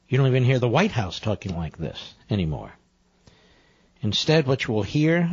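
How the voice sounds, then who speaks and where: A man's voice: fairly low pitch, breathy edge, no echo, highs cut off. A man hosting a political talk radio show, delivering an emphatic monologue that repeats phrases and builds to indignant peaks.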